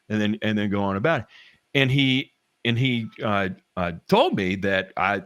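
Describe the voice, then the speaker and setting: A man's voice: on the low side, sing-song, normal speed, fairly bright tone, smooth, no echo. A middle-aged man with a Southern US accent, telling work stories in casual chat, rambling with restarts and blunt swearing. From American South. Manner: rambling, frequent restarts and fillers, candid with swearing.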